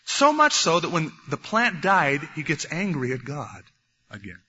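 A man preaching a sermon, animated, acting out the voices of biblical figures as he goes. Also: a little high, moderate pace, breathy edge. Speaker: pastor. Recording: dull lo-fi recording in a reverberant hall.

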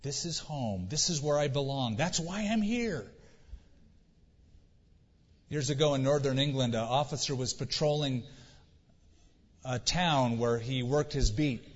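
A male pastor preaching an earnest sermon in a church, asking rhetorical questions and pausing for effect. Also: mid-range voice, animated. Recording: dull recording with long church reverb.

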